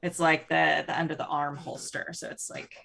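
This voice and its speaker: A woman's voice: low-pitched, flat delivery, moderate pace, vocal fry, fairly bright tone. A woman player in a tabletop game, chatty, filling her talk with "like". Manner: chatty, says "like" constantly. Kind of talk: casual chat.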